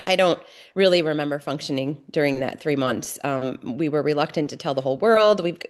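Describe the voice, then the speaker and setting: A middle-aged woman, here as a podcast guest, candidly describes her family's story. She pauses and restarts a lot, sounding earnest, and her pitch is low.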